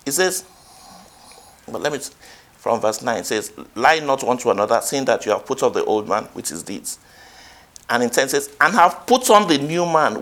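A man's voice: mid-range voice, very animated, normal speed, fairly bright tone. A man preaching a sermon, quoting scripture and rising to emphatic peaks.

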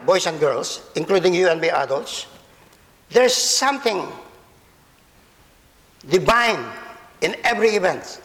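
Male pastor, very high voice, unhurried and deliberate, preaching to a church congregation with a long echo in the hall. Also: gravelly, fairly bright tone. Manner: slow, deliberate, repeats words, speaks to children and adults. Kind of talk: sermon. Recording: long reverb of a large hall.

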